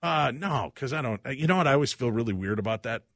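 A male radio host telling funny personal stories in a relaxed studio chat. He jumps between his own voice and the people he quotes, with a lively rise and fall. The sound is dry and close to the mic. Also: mid-range voice, quick pace, no room sound. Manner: animated storyteller, acts out quoted voices.

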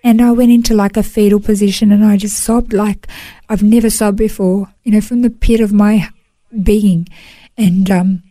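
A woman recounts her life in an interview, speaking earnestly and emotionally. Her voice is warm and mellow, recorded close and dry with no room sound, and she often stops to restart a phrase. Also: medium pitch, fairly even intonation, normal speed, no room sound. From Australia. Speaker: interview guest. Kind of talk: personal testimony in a podcast interview.

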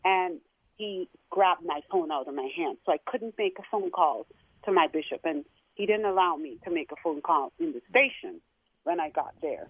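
A woman's voice: fairly low pitch, animated, breathy edge, no echo. A middle-aged woman recounts her story as a caller, her voice emotional and stopping and starting. The sound is narrow and tinny, carried down a phone line, and dry with no room around it. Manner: emotional, halting. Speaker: guest caller. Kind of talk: telling a personal story.

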